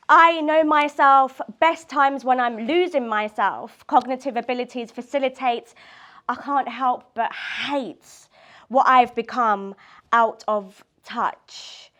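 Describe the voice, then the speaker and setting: Woman poet, fairly high voice, laughs easily, chatty between poems, reads aloud at a live event. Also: fairly bright tone. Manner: laughs often, loose chat with fillers before reading. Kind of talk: poetry reading and casual chat. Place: community space at a live reading event.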